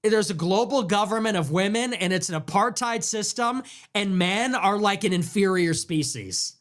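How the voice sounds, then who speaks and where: A man's voice: high-pitched, normal speed, a bit bright. A man hosting a live stream, ranting in a sarcastic, mocking way. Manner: sarcastic and mocking, jumps into mock voices. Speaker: political livestream host.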